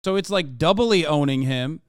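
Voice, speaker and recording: A man's voice: fairly high pitch, normal speed, no echo, studio quality. A man reacting to the news on a live stream, with sarcastic, rambling, mocking commentary.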